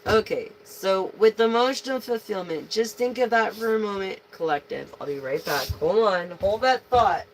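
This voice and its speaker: A woman's voice: medium pitch, expressive, moderate pace, few pauses, noisy background. A woman giving a casual live tarot reading, slangy and profane, speaking to her viewers as a collective. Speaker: tarot reader.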